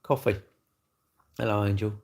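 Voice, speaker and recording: A man's voice: lowish voice, steady tone, normal speed. An older man, hosting a casual livestream and chatting bluntly and jokily as he answers viewers' comments. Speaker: livestream host. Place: indoors, seated.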